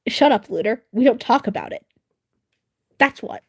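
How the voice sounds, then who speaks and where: A woman livestreaming and chatting casually with her viewers, excitable and swearing, shrieking when worked up. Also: a little high, moderate pace, slightly rough.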